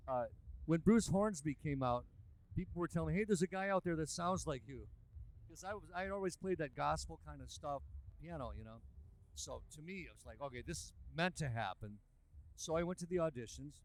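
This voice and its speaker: A man, a musician and producer, telling a lively anecdote in a casual interview. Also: on the high side, fairly quick. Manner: animated, lively anecdotal delivery. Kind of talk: casual storytelling.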